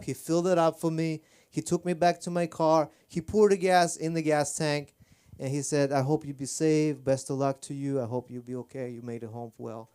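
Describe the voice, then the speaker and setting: A man's voice: fairly high pitch, a little mellow, smooth. A man performing rambling, self-deprecating stand-up on a comedy club stage. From Armenia.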